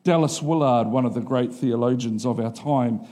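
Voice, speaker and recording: A middle-aged male pastor preaching a sermon in a casual, conversational way, often asking the congregation if they are following him. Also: normal speed. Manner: acts out quotes in a higher animated voice.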